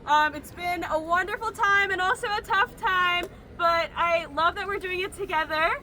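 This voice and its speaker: A woman's voice: very high-pitched, normal speed, bright, forceful tone. A young woman in her twenties, a student from the United States, speaking hesitantly and wearily to a crowd outdoors. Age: 20s. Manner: hesitant, tired, many ums. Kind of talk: personal speech at a rally. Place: outdoor campus green. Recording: outdoor rally with crowd noise.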